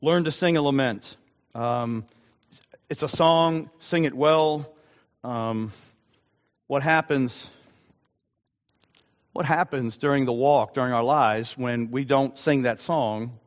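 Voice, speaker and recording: A male pastor delivering a sermon with a personal story, earnest and halting, with frequent ums. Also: mid-range voice. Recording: long hall reverb.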